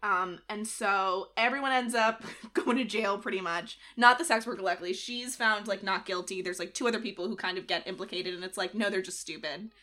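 Bright-voiced woman telling a story. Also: mid-range voice, fairly quick, hardly any pauses. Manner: animated retelling with acted-out quotes and frequent laughs. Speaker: podcast co-host. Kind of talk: casual storytelling chat.

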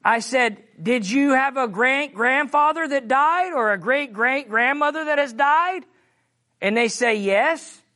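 A preacher with a high-pitched, sharp voice teaches from the Bible in a sermon. He reads scripture slowly and with emphasis, often checking in with "Amen?" and "All right?"

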